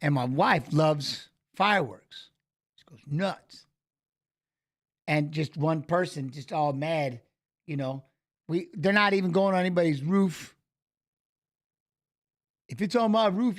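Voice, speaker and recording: High-voiced man telling a heated story. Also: a little slow, pauses often. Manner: animated storytelling, swearing, restarts. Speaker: co-host of a fight preview show. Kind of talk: casual chat.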